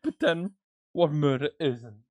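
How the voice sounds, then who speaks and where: A man's voice: on the high side, lively intonation, no room sound. A man voicing a vain, flamboyant male witness in a courtroom game who scolds people about manners and demands respect. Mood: haughty. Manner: theatrical, scolding, drawn-out.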